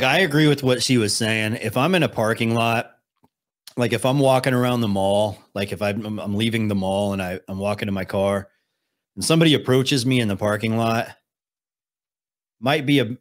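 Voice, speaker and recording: A young man runs a live stream of casual commentary, reacting to videos with dry sarcasm and reading the chat aloud. He speaks at a medium pitch and a normal speed.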